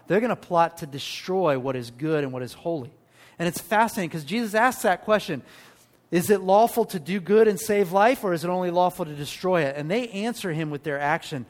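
High-voiced pastor preaching with emphasis. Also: male voice. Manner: animated preaching with rhetorical questions and emphatic pauses. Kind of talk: sermon.

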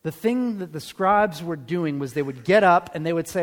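A man preaching a sermon as pastor in a church, talking conversationally and checking in with the congregation through quick rhetorical questions. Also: a little high. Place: church sanctuary. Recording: long hall reverb.

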